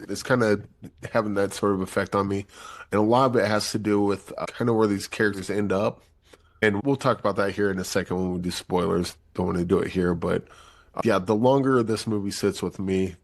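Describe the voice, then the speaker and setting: A man's voice: lowish voice, brisk, vocal fry. A man hosting a movie review podcast in casual chat, acting out quotes as he talks. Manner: animated, acts out quotes. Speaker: podcast host.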